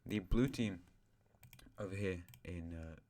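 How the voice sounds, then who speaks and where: Very low male voice, casual map narrator, rambles and corrects himself mid-sentence. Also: slow pace, mellow. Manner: rambling, self-correcting, joking asides. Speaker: host of a map series.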